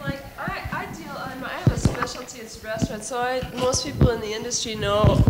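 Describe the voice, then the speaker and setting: Slightly high-voiced woman architect telling anecdotes. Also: brisk, very noisy. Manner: animated anecdote-telling with frequent laughs and restarts. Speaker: architect and panelist. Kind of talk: panel discussion storytelling.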